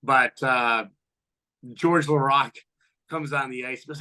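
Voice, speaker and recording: A man in his fifties, a former pro hockey player, telling profane locker-room stories as a podcast guest and loudly acting out what people said. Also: medium pitch, measured pace, smooth. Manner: animated, profane, acts out quotes loudly. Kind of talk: storytelling in a podcast interview.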